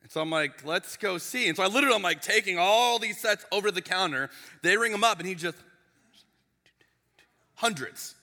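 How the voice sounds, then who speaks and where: Male pastor, conversational sermon delivery, very bright tone, big reverberant church hall. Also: sits high, brisk, pauses often. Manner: animated, chatty, with frequent restarts and asides. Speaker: lead pastor. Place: church sanctuary. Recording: long reverb of a large hall.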